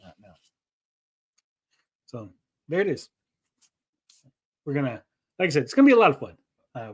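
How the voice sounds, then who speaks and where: A man's voice: fairly high pitch, fairly bright tone. A man hosting a casual livestream, rambling and joking as he reads out chat messages. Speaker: livestream host.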